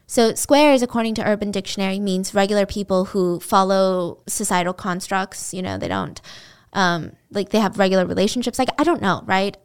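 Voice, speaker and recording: A woman's voice: mid-range voice, animated, moderate pace, clean tone. A woman casually retelling a true-crime story, chatty and blunt, swearing freely and filling her speech with "like.".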